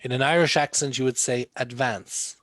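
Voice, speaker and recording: A man leads an online English class at an ordinary mid pitch. He quizzes his students and repeats the key words to coax answers out of them. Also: moderate pace, a little hiss or hum. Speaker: English teacher. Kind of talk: classroom teaching over video call.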